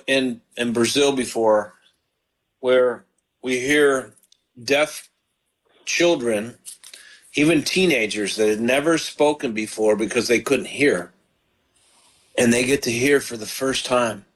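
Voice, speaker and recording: Pastor guy hosting a call-in prayer show, fired up and encouraging, average pitch. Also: slow, long pauses, rough recording. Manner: fervent, encouraging, prays aloud.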